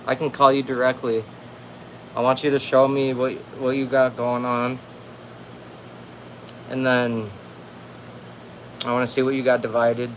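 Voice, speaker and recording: A man's voice: mid-range voice, slight background noise. A young man hosting a casual livestream from home, talking in a laid-back, rambling way full of slang. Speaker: livestream host. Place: at home with a cat. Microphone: phone livestream.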